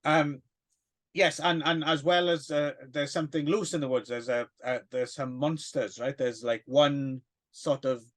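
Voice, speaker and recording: Man, fairly high voice, casual podcast chat, rambling, hesitant, self-deprecating. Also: steady tone, a little slow. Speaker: podcast co-host.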